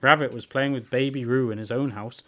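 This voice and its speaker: A man, a book reviewer, narrating a storybook aloud in a lively, expressive way. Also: mid-range voice, a little fast.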